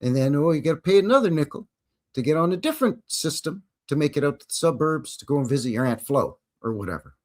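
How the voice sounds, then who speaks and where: A man's voice: mid-range voice, expressive, quick pace, hardly any pauses. A man hosting a live history stream, chatting casually with jokes and rambling asides. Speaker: host.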